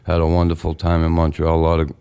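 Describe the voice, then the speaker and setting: A middle-aged man with a Boston accent, a guest on a radio show, speaking haltingly and reflectively with many fillers. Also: sits low, completely flat delivery, dark tone, clear, resonant tone. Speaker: guest, former hockey enforcer. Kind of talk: radio interview.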